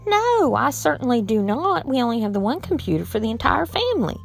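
A woman's voice: on the high side, big pitch swings, fairly quick, vocal fry, faint music behind, voice pushed up. A woman voicing a flustered, naive mother who is helpless with computers and talks in a fussy, old-fashioned, pleading way.

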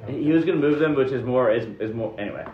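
A man narrating a tabletop game as game master, halting and restarting often. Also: mid-range voice. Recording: roomy, dull lo-fi recording.

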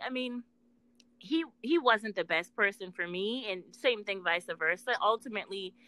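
A woman with a bright, clear voice talks earnestly about love and healing, emphatic and unafraid to swear. Her voice is close and dry, with almost no room sound. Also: medium pitch, no echo, rough recording. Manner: earnest, emphatic, profane storytelling. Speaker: podcast co-host, spiritual intuitive worker. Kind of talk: casual relationship talk.

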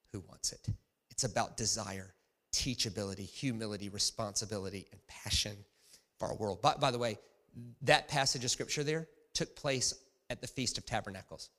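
A man preaching a sermon as pastor, conversational and emphatic, shifting from quiet asides to loud bursts. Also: medium pitch. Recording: long hall reverb.

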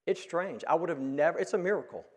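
A male pastor preaching a sermon, earnest and emphatic at peaks, then dropping to a hush. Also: fairly high pitch, fast, husky. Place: church sanctuary. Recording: long reverb of a church hall.

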